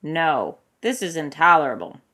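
A man's voice: a little high, animated, unhurried, fairly bright tone. A woman reading a storybook and voicing a dramatic, complaining young male swordsman in a theatrical, huffy manner.

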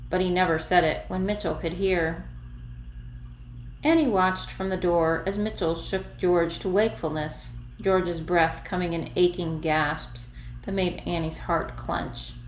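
A woman reading a story aloud in a soft, even narrating voice. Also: fairly low pitch, a little hiss or hum. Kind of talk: fan fiction read aloud. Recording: echoey room.

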